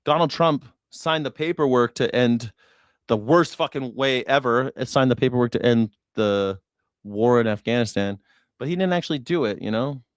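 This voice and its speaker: A man's voice: medium pitch, normal speed, no echo. Sarcastic, profane male streamer, dry sound. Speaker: news reaction streamer. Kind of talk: casual political commentary.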